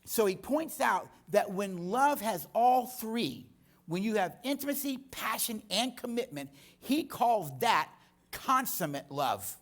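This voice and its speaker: Here a guest speaker, a middle-aged man, delivers a teaching talk in church at a slow pace with a high voice. His storytelling is lively, and he performs the dialogue himself.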